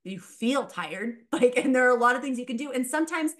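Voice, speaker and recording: A mindset coach appears as a podcast guest, a woman speaking casually and animatedly, laughing often as she acts out quoted voices. Her voice is high-pitched and her delivery brisk.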